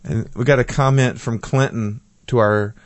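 A man's voice: mid-range voice, steady tone, normal speed, no echo. Guy on a podcast reading out fan mail, goofs around between messages, dead dry mic sound. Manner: reads out messages with a joking aside. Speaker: podcast co-host reading listener feedback. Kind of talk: casual chat.

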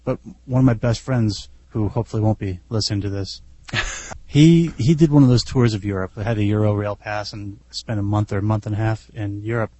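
A man with a mellow, slightly husky, lowish voice guests on a casual podcast, telling lively, self-deprecating anecdotes. He speaks briskly into a close, dry mic with no echo.

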